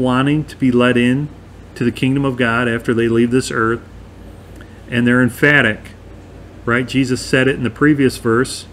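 A man's voice: mid-range voice, a little hiss or hum. A man teaching a verse-by-verse bible study in a conversational, emphatic way, often checking in with his listeners.

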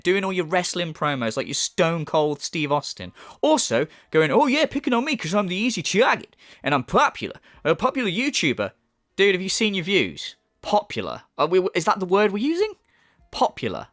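A man delivering a ranting commentary, exasperated and sarcastic, swearing freely. His voice sits high and swings widely in pitch. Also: fairly bright tone. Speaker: commentary YouTuber.

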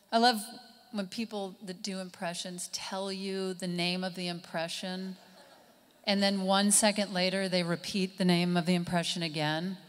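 A woman comedian performing a stand-up set live on stage, with a dry, deadpan delivery. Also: mid-range voice. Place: stage at a live summit event, indoors. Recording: live hall reverb, faint room noise.

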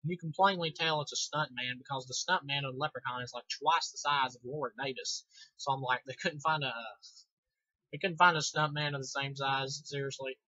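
A man's voice: medium pitch, steady tone, a little fast, sharp tone, no echo. A young man giving a rambling, sarcastic, profane casual movie review on a dull lo-fi recording.

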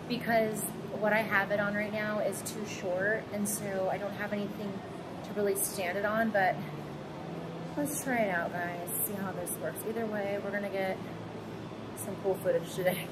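A woman's voice: mid-range voice, little pitch movement, moderate pace. A woman vlogging for her fitness channel in a casual, upbeat, chatty way, talking straight to her viewers on a phone camera. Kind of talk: casual vlog talk. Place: kitchen, then a gym. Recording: echoey room with background noise.

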